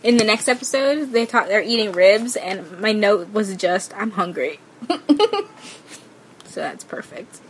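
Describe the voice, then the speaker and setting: A woman's voice: mid-range voice, a little slow, long pauses. Woman podcast co-host, casual and giggly, talking over a faint background hiss. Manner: chatty, laughs often, apologetic asides. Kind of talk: casual chat recap of a TV show.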